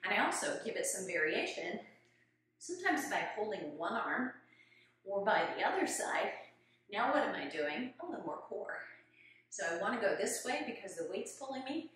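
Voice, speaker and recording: A woman's voice: medium pitch, sing-song, moderate pace, a bit bright, recorded from a distance. Fitness coach woman in an echoey room. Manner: demonstrating exercises while talking, a little out of breath. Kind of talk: instructional exercise video. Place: room at home.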